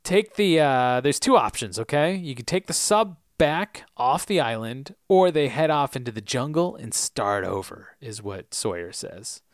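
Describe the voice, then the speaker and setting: A man's voice: medium pitch, big pitch swings, a little slow, few pauses, dry recording, studio quality. A man co-hosting a casual podcast, recapping a TV episode and jumping into silly character voices. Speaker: podcast co-host.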